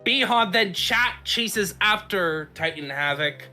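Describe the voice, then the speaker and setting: Man, slightly high voice, forceful tone, casual podcast host, rambling recap, lots of fillers. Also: lively intonation, slow pace, faint music behind. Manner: rambling recap with frequent "uh" and restarts. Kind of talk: casual podcast chat, recapping a game story.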